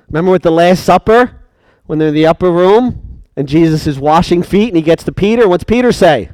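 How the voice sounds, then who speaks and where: A man's voice: sits high, expressive, brisk, darkish tone, no room sound. A man preaching a sermon, emphatic and questioning his congregation.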